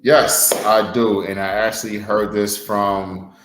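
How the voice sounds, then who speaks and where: Wrestler guy on a podcast giving earnest advice, kinda low voice, echoey room. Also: flat delivery, takes it slowly, over music. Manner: earnest, repetitive, stumbling restarts. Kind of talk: casual motivational talk.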